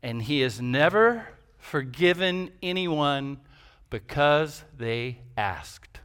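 Bright, forceful male preacher. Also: a little high, expressive, slow pace, smooth. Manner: emphatic preaching with rhetorical questions and repetition. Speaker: pastor. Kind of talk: sermon.

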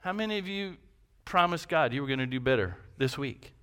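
A man's voice: mid-range voice, lively intonation, a little fast, fairly bright tone, clear, resonant tone. A man preaching a sermon as pastor, emphatic, with rhetorical questions and repetition.

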